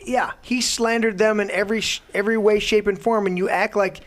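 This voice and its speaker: A man's voice: high voice, steady tone, a little fast. A man hosting his own talk show, delivering an indignant, profane rant. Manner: loud, indignant, heavy swearing. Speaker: host.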